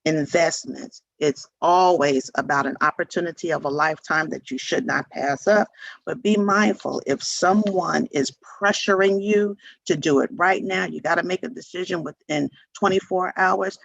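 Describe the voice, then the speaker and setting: A man with a fairly high, gravelly and husky voice gives an informational talk to seniors. He is earnest and repeats his warnings for emphasis. The sound is dry. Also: moderate pace, fairly bright tone, no room sound, muffled recording. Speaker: presenter at a scam-prevention seminar.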